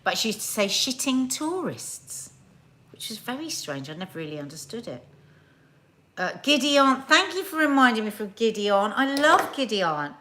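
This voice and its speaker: A woman's voice: mid-range voice, sing-song, a little fast, sharp tone, a little hiss or hum. A woman hosting a live stream, chatting casually and reading viewer comments aloud with playful, exaggerated delivery. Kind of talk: casual chat.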